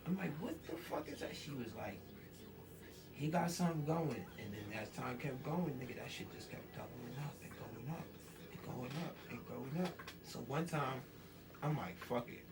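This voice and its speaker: This rapper from New York is guesting on an interview, his medium-pitched voice arriving at a moderate pace through a distant mic with noise behind it. Animated and slang-heavy, he tells a long tale and acts out all the dialogue he quotes.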